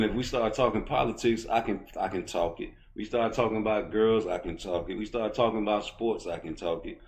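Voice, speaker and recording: Deep-voiced blunt man ranting about boxing. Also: a little hiss or hum. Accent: Baltimore. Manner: blunt, profane, swaggering street talk, rising loud when heated. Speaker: boxing commentator on YouTube. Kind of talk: casual opinion rant.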